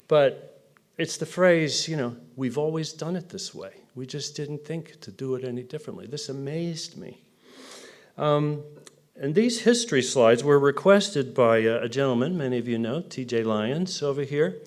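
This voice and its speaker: A man's voice: fairly high pitch, moderate pace. A middle-aged man from New Jersey giving a conference talk, telling stories with humor and acting out quotes in other voices. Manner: animated storyteller, mimics voices in quotes. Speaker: conference speaker. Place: conference hall.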